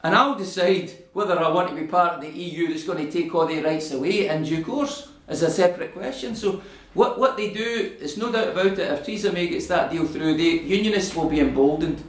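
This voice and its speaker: A middle-aged Scottish man speaking to an audience in a community hall, animated and argumentative as he answers their questions. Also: fairly high pitch, brisk. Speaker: invited political speaker. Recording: echoey room.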